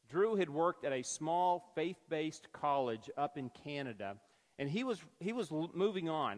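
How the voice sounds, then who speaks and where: A male pastor delivers a sermon with an animated storytelling manner, slipping into quoted voices as he goes. His voice sits somewhat high for a man. The sound carries a long reverb from a church sanctuary.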